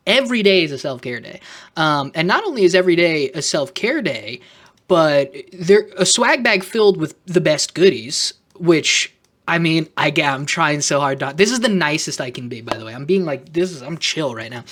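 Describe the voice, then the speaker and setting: A man's voice: on the high side, animated, moderate pace, pushed and bright. A man making an off-the-cuff vlog, talking sarcastically and rambling, with self-conscious asides. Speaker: YouTuber.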